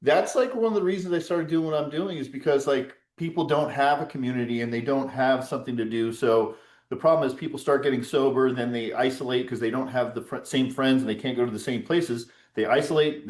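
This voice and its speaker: A man's voice: medium pitch, darkish tone. A man hosting a sobriety support call, talking casually and rambling, swearing now and then. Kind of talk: casual group call chat. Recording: roomy echo.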